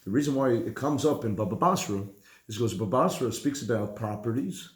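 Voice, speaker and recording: A man, a rabbi, giving a lively conversational halacha class. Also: mid-range voice, a little fast. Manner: animated, conversational, mixes Hebrew and Yiddish terms. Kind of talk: Torah class lecture. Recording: echoey room.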